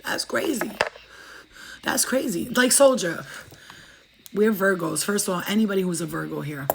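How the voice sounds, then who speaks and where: Woman, spiritual reader, casual livestream chat, fast and profane, streetwise, emphatic. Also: lowish voice, creaky, background noise.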